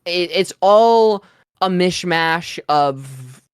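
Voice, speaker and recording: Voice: mid-range voice, expressive, very slow, smooth, dry recording. Casual speaker with a dry, close sound. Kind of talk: casual chat.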